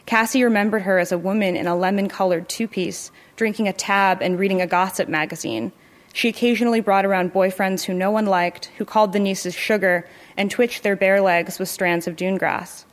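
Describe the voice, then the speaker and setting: A woman narrating a literary short story in a measured, even storytelling manner. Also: medium pitch. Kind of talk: literary fiction reading.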